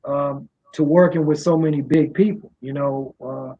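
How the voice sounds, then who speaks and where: A middle-aged man from Washington, D.C. talks with a soft drawl, in a loose, rambling style full of "you know" fillers. His voice sits a little high for a man. The recording sounds muffled and dull. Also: steady tone, normal speed. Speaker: music promoter and guest. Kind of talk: casual interview. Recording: muffled low-fidelity sound.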